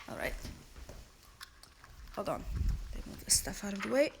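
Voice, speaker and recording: A woman with a Russian accent hosting a casual livestream from her home kitchen, talking softly and earnestly into a phone camera. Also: medium pitch, sing-song, moderate pace, gravelly, long pauses, echoey room, very noisy. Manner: soft-spoken, earnest and chatty. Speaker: livestream host.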